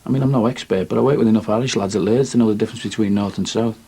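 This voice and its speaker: Brief: a scouse handyman, fast-talking, husky, dry wit. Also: lowish voice, warm tone. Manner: chatty, dry-humoured. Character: chatty middle-aged Liverpool handyman, dry wit. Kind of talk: 1990s TV soap acting.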